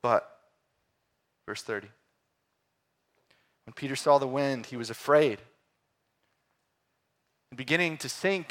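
A man preaching a sermon, swinging between loud emphatic lines and quiet, hushed ones. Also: mid-range voice, expressive, slow, long pauses.

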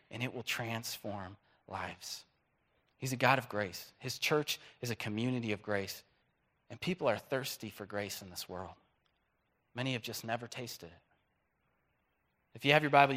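A male pastor preaching a sermon, animated, swinging between hushed and loud delivery. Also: medium pitch.

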